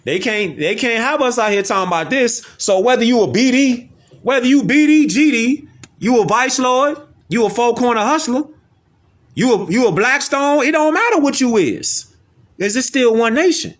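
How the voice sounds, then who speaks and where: A man's voice: extremely high pitch, animated, moderate pace. A man giving a casual, slangy streetwise monologue, repeating himself and firing off rhetorical questions. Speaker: online commentator.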